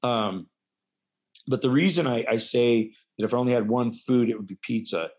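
A man talks casually as an interview guest, rambling and poking fun at himself as he tells stories. His voice sits at an ordinary pitch. The recording sounds dull and lo-fi. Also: normal speed. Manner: rambling, self-deprecating storyteller. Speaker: guest, wrestler.

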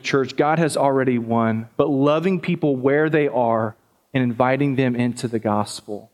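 A man preaching a sermon as pastor, talking conversationally to the congregation and often repeating words. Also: mid-range voice.

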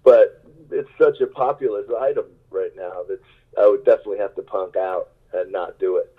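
A man's voice: lowish voice, moderate pace, husky. A male musician telling rambling, self-mocking stories in a casual interview, laughing often, over a tinny phone-like line. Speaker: musician guest.

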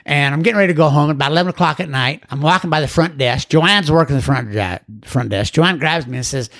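A man's voice: fairly high pitch, fast talker, hardly any pauses, a bit bright. An older man sharing his recovery story in a folksy, rambling, plain-spoken way. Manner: acts out other people's voices in quotes. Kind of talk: storytelling talk.

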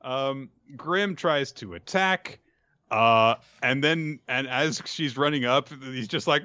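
A podcast host recaps an episode in a rambling, wry way with lots of fillers, taking it slowly. His mid-range voice is expressive, bright, and forceful, and the recording is dry and slightly dull.

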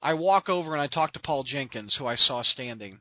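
A man hosting a podcast, telling stories in an excitable, rambling way full of restarts and laughs. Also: mid-range voice, brisk, dry recording, lo-fi sound. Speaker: podcast host. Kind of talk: casual storytelling chat.

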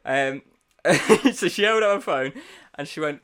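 A man, telling a story in casual comic chat, wry and self-deprecating, with deadpan quoted voices. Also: on the high side, takes it slowly, smooth. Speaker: podcast co-host.

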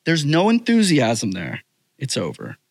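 A man's voice: on the high side, wildly swooping pitch, unhurried, breathy edge, no room sound. Emphatic man in a played clip. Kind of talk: opinion monologue.

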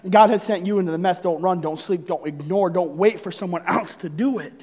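With a high, slightly mellow voice and a slightly fast pace, a man preaches as pastor in a church hall, where a long reverb tail follows him. His delivery is emphatic, dotted with "right?" and short laughs between points.

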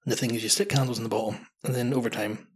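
A man's voice: mid-range voice, fairly even intonation, very fast, husky. A man in his thirties hosting a podcast, chatting through a story in a casual, self-mocking way and swearing freely. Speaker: podcast host.

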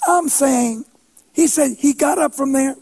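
A preacher telling a story in a sermon, animated and funny, breaking into shouts for emphasis and poking fun at himself. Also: male voice, extremely high pitch, measured pace. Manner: animated, shouts for emphasis, playful self-mocking humor.

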